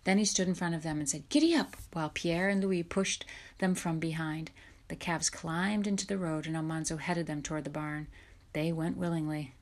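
Woman audiobook reader, low-pitched, steady narration. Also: normal speed. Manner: steady storytelling, lively for dialogue. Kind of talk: scripted narration.

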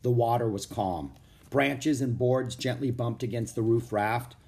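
A man narrating a children's chapter book aloud in a steady, expressive reading. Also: medium pitch, measured pace. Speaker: audiobook narrator. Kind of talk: storybook read-aloud.

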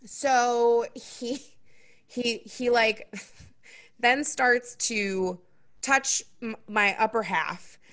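A young adult woman hosting a podcast, telling a story in a casual chat and acting out other people's lines with big jumps in pitch. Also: drawn-out words, fairly bright tone.

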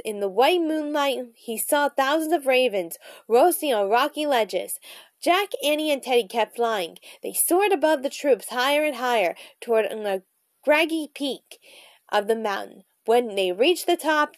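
A woman's voice: sits high, expressive, a little slow, dry recording. Bubbly woman reading a storybook aloud. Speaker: storybook reader vlogger. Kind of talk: reading a children's book aloud.

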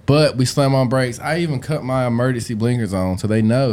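A man's voice: medium pitch, fairly quick, hardly any pauses. Profane man with a country accent. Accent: Southern US. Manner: profane, animated storyteller who rises into shouting in quotes. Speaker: podcast guest. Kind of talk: casual podcast storytelling.

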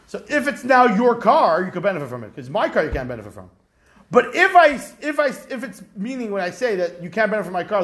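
A man teaching a Talmud study class, animated and rhetorical, acting out examples as he explains. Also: sits high. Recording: echoey room.

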